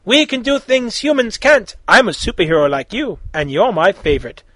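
A man's voice: high-pitched, expressive, normal speed, pushed and bright, dry recording, pitched above the performer's own voice, heavily acted, low-quality recording. A man voicing an eager, chatty young girl with fire powers in a fan fiction reading.

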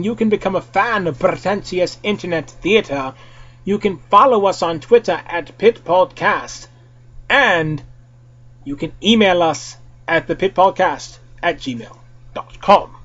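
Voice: mid-range voice, husky, lo-fi sound. A podcast host giving a theatrical, comic reading of fan fiction. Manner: theatrical, quick to switch voices.

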